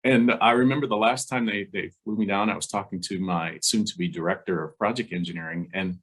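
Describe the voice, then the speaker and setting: A man's voice: fairly low pitch, fairly even intonation, brisk, fairly bright tone, slightly rough. A man, an engineer guest in an interview, telling his career story conversationally, chuckling often and acting out the dialogue he recalls.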